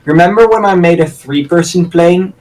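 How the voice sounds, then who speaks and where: A man chatting casually while playing a game with a friend, rambling with lots of fillers and quick self-deprecating laughs. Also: high voice, a little mellow, far from the mic, poor audio. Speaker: gaming channel host. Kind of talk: casual co-op gameplay chat.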